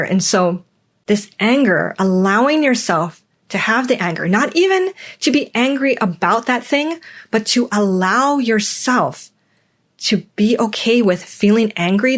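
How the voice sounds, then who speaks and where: Earnest woman hosting a reflective podcast. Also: medium pitch. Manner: earnest, emphatic, repeats words for stress. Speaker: podcast host. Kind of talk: personal reflective monologue.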